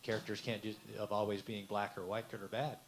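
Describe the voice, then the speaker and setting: A man chatting as a co-guest on a comedy talk show, quick to jump in with remarks. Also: fairly low pitch, level tone, slight background noise. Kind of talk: casual talk-show chat.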